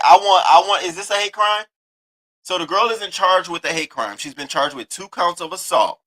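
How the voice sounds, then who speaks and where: A man's voice: high-pitched, expressive, normal speed, bright, forceful tone, poor audio. A man hosting a news commentary show, reacting bluntly and indignantly to a video in casual, profane talk. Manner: blunt, indignant, swears freely.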